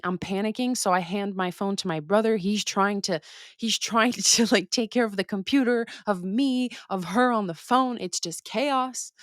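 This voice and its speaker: A young woman hosting a podcast, telling a story in a casual, animated way, swearing freely and acting out her own reactions. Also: mid-range voice, dry recording, studio quality. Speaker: podcast host.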